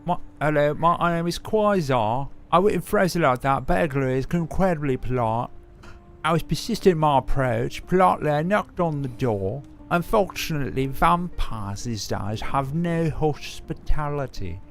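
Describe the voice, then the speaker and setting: A man putting on a high-pitched, sing-song voice for a perky male character. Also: expressive, moderate pace, soft background music. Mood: chirpy.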